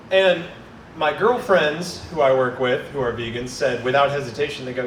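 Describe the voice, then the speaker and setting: A man's voice: mid-range voice, moderate pace. Man telling crude stand-up stories. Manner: casual storytelling with crude punchlines. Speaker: stand-up comedian. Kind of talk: stand-up comedy set. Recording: echoey room, distant camera mic, noisy.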